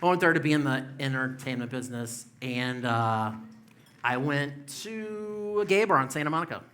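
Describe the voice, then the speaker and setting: A man's voice: medium pitch, animated, normal speed, sharp tone, clean tone. A man in his fifties doing a stand-up comedy set on a club stage, rambling loosely with lots of fillers and swearing. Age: 50s.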